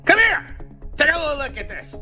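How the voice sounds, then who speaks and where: A man voicing a furious, screaming comedian as a GPS in a spoof commercial, yelling insults at the driver. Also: very high voice, very animated, a little fast, faint music behind, pitched above the performer's own voice, heavily acted.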